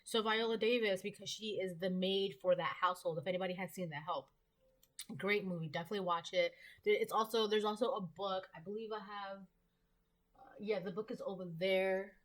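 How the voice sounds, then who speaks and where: A woman's voice: medium pitch, steady tone, fairly quick. A woman giving a casual tarot reading to camera, chatty and rambling with many fillers and asides. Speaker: tarot reader.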